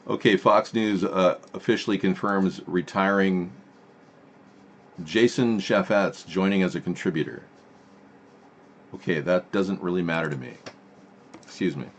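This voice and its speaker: Deep-voiced man muttering over headlines. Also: a little slow, pauses often. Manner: muttering asides while reading headlines. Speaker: live stream host. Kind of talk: casual live stream commentary.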